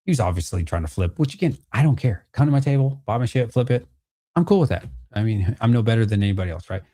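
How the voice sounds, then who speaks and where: A man's voice: on the low side, lively intonation, fast, dark tone. A man, a father and card vendor, casually telling his viewers a haggling story, swearing freely and acting out both sides of the deal. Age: adult with a child. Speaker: card vendor and channel host.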